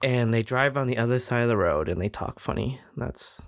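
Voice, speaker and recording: A man's voice: mid-range voice, brisk, vocal fry. A man co-hosting a casual chat podcast, telling travel stories in a rambling way and laughing often. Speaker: podcast co-host.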